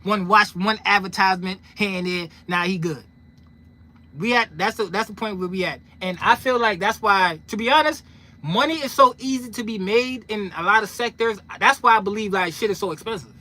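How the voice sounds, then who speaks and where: New man, high voice, sharp and bright, street slang, repeats himself for emphasis, casual rant to camera. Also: normal speed. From New York. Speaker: trucking content creator.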